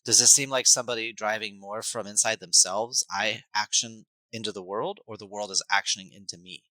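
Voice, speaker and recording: A man, a life coach and hypnotherapist, explaining his ideas in an animated, coaching way as a podcast guest. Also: on the low side, a little fast, no room sound, rough recording. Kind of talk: podcast conversation.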